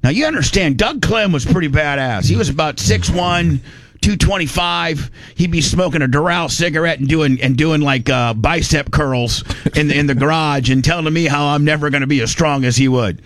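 A man's voice: a little high, lively intonation, a little fast, a bit bright, no room sound. Rambling middle-aged storyteller man. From Indiana. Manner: rambling, many restarts, salty. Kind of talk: casual storytelling.

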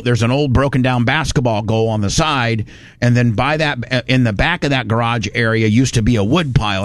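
A man's voice: medium pitch, dry recording. A man from Indiana, telling a long rambling story in casual chat and acting out the voices of the people in it. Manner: rambling, folksy, acts out quoted voices. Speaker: podcast host telling a story.

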